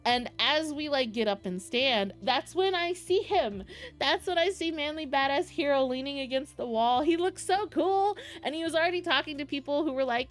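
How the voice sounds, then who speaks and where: A young woman streamer telling a story in casual chat with her viewers, excitable and rambling, full of fillers. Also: high-pitched, moderate pace, faint music behind.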